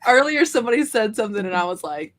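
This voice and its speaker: A woman's voice: fairly high pitch, very animated, fast. A woman with a Southern drawl hosting a casual livestream, chatting with her co-host and reading out viewer comments.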